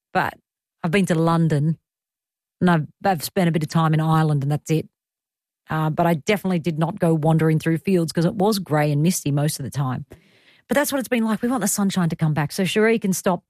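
A woman's voice: low-pitched, darkish tone, dry recording, studio quality. A middle-aged woman with an Australian accent hosting a radio show in casual, rambling chat that breaks into easy laughs. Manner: chatty, rambling, laughs easily. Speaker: radio host. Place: radio studio.

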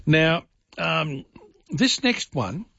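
A man's voice: on the high side, sing-song, drawn-out words, vocal fry, bright, forceful tone, husky, no echo. A man hosting a radio show, bantering casually and joking with his guest. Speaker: radio host. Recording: dry, dull lo-fi broadcast audio.

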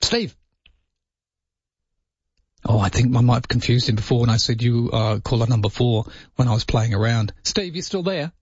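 A man's voice: medium pitch, a little fast, darkish tone, husky, dry recording, dull audio. A man with an Australian accent hosting a talkback radio show, chatty and joking with callers. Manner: chatty, joking, laughs often. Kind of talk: casual talkback radio chat.

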